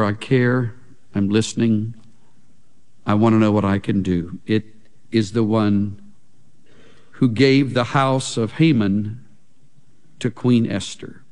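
A man preaching a sermon as a pastor, slow and emphatic, with big swings in pitch and loudness. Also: big-room sound.

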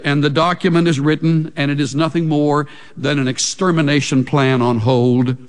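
A man preaching a sermon as a pastor, slow and emphatic, with big swings in pitch and loudness. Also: fairly even intonation, big-room sound.

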